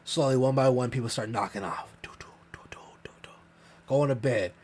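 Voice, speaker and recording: A man telling a long, profane story in casual podcast chat, rambling and animated. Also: mid-range voice, a little fast. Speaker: podcast co-host.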